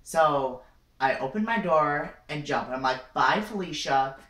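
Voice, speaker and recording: A young woman vlogger improvises a comic story time, rambling and dramatic, sprinkling in lots of "like" and "you know." Her voice is low with lively intonation and an unhurried pace, and the recording sounds roomy, as if she's far from the mic.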